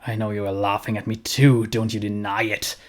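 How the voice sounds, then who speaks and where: A man's voice: fairly low pitch, flat delivery, a little fast, natural voice. Guy reading a bitter envious dad scientist, cold and contemptuous. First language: German. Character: bitter, envious middle-aged male scientist father.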